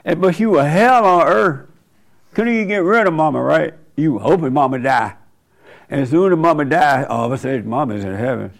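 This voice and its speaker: Gravelly-voiced man preaching off the cuff. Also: fairly high pitch, normal speed. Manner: laughs at his own remarks; rambling, drawled and colloquial. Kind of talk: casual preachy monologue.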